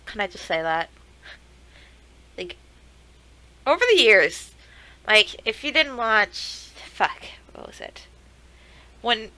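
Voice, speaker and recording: Young woman streamer, bright voice, swears freely and shouts at the screen, reaction-stream energy. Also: mid-range voice, no echo, poor audio. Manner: excitable, swearing, laughing, talking to the screen. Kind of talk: casual reaction commentary.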